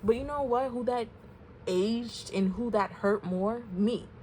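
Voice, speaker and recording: A woman's voice: a little high, unhurried, a little mellow, slight background noise. A woman giving a casual tarot reading, talking openly and emotionally to her viewers with many fillers. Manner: candid, emotional, chatty with fillers. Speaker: tarot reader.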